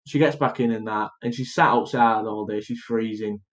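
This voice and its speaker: A man's voice: fairly low pitch, fairly even intonation, moderate pace, poor audio. A man co-hosting a podcast, chatting casually as he retells a film plot, with lots of fillers and restarts. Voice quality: rambling with many fillers and restarts. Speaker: podcast co-host.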